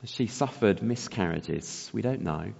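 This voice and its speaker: A man's voice: on the low side, lively intonation, measured pace, creaky, darkish tone, slightly rough. A man delivers a thoughtful sermon, often asking his listeners rhetorical questions. His voice carries a long reverb, as if in a church hall, and the recording sounds slightly dull and muffled. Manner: reflective, asks rhetorical questions. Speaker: preacher.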